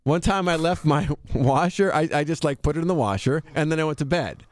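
Male podcast guest, animated and self-mocking, bouncy pitch, higher voice, dry close studio mic. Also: fairly quick, no echo. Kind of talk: casual podcast chat.

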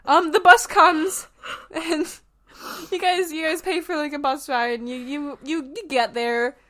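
A young woman runs a tabletop game, narrating in a halting way with plenty of fillers and restarts. Her voice sits slightly high. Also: fairly even intonation, fairly bright tone. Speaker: game master.

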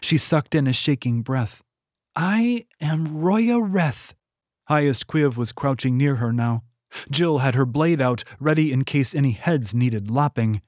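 A man reading his own novel aloud in steady audiobook narration. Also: medium pitch, normal speed, dry recording, clean studio sound. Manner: steady, even storytelling.

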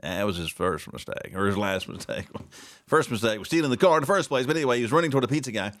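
A man's voice: mid-range voice, expressive, fast talker, fairly bright tone. Sarcastic man hosting a talk show. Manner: sarcastic, mocking asides, repeats words. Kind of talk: opinionated solo talk show commentary.

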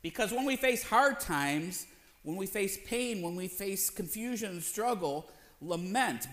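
A man with a high-pitched voice preaches in a church. He speaks conversationally, throwing questions to the congregation and acting out short voices in quotes. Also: a bit bright. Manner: acts out voices in quotes, playful asides. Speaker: pastor. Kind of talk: sermon.

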